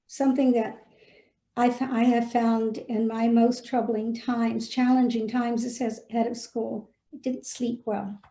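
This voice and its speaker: A woman, formerly a head of school, speaks as a guest on a video call, telling her own story and giving school leaders warm, earnest, gently pressing advice. Her voice is a little high and the audio is reverberant.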